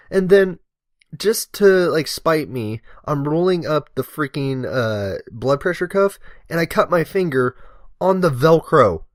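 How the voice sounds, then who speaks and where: A young man telling a long, rambling, joking story over gameplay, full of swearing and deadpan jokes. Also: on the high side, a little slow, dry recording, clean studio sound. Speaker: guest commentator, firefighter-medic.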